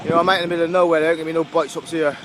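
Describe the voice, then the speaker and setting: A man from England with a Gloucestershire accent talks into a camera on his bike, rambling and chatty with lots of fillers. His voice sits a little high for a man. Loud road and wind noise from outdoors runs under his speech. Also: little pitch movement, very fast. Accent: Gloucestershire English. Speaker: touring cyclist vlogger. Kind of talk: casual video diary. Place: outdoors on a roadside while cycling.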